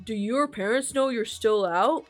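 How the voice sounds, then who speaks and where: A woman's voice: on the high side, unhurried, faint music behind, close to an everyday voice. A woman voicing a tired, skeptical grown man who mutters at the kids, in a storybook reading. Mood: weary. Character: weary grown man in work uniform.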